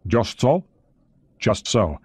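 A man's voice: lowish voice, big pitch swings, takes it slowly, husky, no room sound, studio quality, full character voice. A male audiobook narrator reading the lines of a friendly American CIA analyst in a plain conversational way. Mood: warm.

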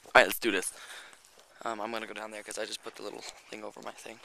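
Out by a creek in the rural hills, a man films a casual walking vlog on a handheld camera, a little out of breath as he rambles, swears a lot, and tosses in chatty asides. His voice is lowish and creaky, the delivery completely flat and quick. Background noise runs under the recording.

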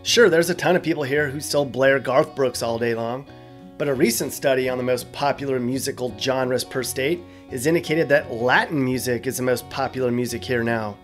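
A man's voice: mid-range voice, moderate pace, faint music behind. A man hosting a scripted explainer video, casual and joking with wry asides. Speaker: host.

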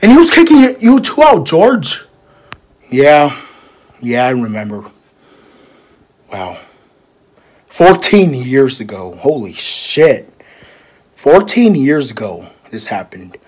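A man talking quietly in a casual amateur fan drama. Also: mid-range voice, huge pitch swings, slow pace, pauses often, husky.

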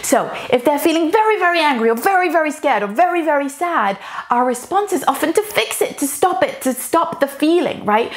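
A woman who teaches parenting, talking calmly and earnestly in a casual advice vlog, with an expressive lilt that stresses key words. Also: sits high, moderate pace. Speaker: parenting educator.

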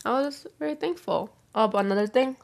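A woman's voice: on the high side, fairly quick, creaky. A young adult woman vlogger chatting casually on camera while eating, rambling through a story full of filler words and acting out what others said. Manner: rambling storyteller, acts out quotes.

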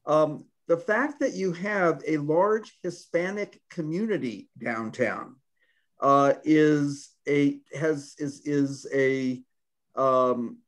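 A man answering questions on a video call, halting and correcting himself as he looks for words. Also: fairly high pitch. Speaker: planning consultant answering questions. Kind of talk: meeting discussion.

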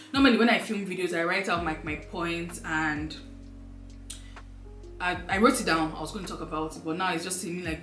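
A young woman with a fairly low voice talks through a heartfelt sit-down update, wandering through her thoughts with lots of fillers. She sounds close to tears and emotional. Her voice rings in a roomy, echoey space with faint music underneath. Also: fairly bright tone. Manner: rambling, filler-heavy, heartfelt. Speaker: lifestyle vlogger.

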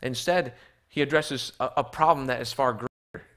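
A missionary preacher, mid-range and slightly bright in tone, speaks at normal speed during a church sermon with slides. Repeated words mark his frequent restarts, and he directs rhetorical questions at the congregation.

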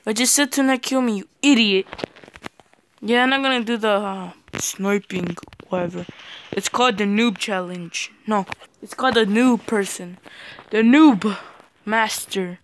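A teenage boy giving casual commentary over a shooter game. He yelps and shouts at the game, his voice cracks when he yells, and he stumbles over fillers when he talks to his viewers. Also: high voice, moderate pace, a little hiss or hum. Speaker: gaming channel host. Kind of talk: gameplay commentary.

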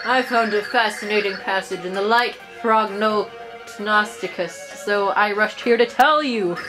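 A woman's voice: mid-range voice, measured pace, close to an everyday voice, poor audio. A woman reading out a fussy, jolly old male wizard from a video game, chatty and old-fashioned, over game music. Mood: cheery.

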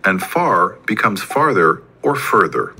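A man reading a scripted grammar explanation in an even, textbook-like way. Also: low voice, measured pace, a little hiss or hum. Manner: even, textbook-like delivery without fillers. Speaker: recorded lesson narrator.

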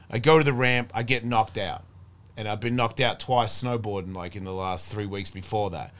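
A middle-aged man, a podcast guest, tells a long story in casual chat, swearing freely and acting out what others said as he rambles. His voice is lowish and fairly bright, with fairly even intonation and a slightly fast pace.

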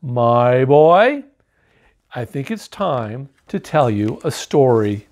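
A man voicing a proud, learned father worm in a storybook, speaking in a stern, measured way. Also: medium pitch, big pitch swings, darkish tone, pitched below the performer's own voice.

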